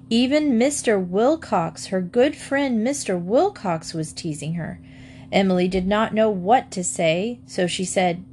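A woman's voice: mid-range voice, expressive, a little slow, darkish tone, slight background noise. Woman reading a children's story aloud. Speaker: audiobook narrator. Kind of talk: scripted narration of a children's book.

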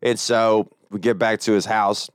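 Sarcastic Southern man, low and smooth. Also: little pitch movement, unhurried, dry recording, studio quality. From American South. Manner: rambling storyteller, sarcastic asides. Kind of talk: casual chat.

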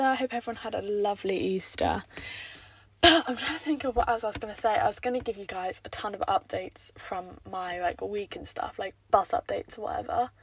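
A woman's voice: medium pitch, fairly quick, slightly rough. A young woman hosting her own podcast, rambling through casual, self-mocking chat about her day. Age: young adult. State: croaky throat; a bit out of breath. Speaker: podcast host.

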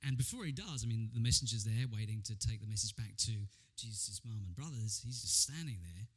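A man preaching a sermon as pastor, telling Bible stories with animated energy and frequent stammered repeats. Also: on the low side, fairly quick, breathy edge.

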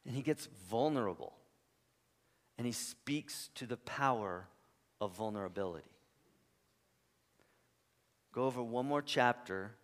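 A man preaching a sermon as a pastor, animated and emphatic, jumping from loud punchy lines to quiet joking asides to his congregation. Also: mid-range voice, in a large hall.

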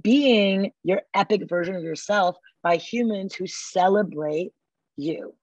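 A woman guest on a podcast interview, talking enthusiastically and acting out quotes with lively energy. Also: medium pitch, measured pace, dry recording, dull audio. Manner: enthusiastic, acts out quotes animatedly. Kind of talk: casual interview talk.

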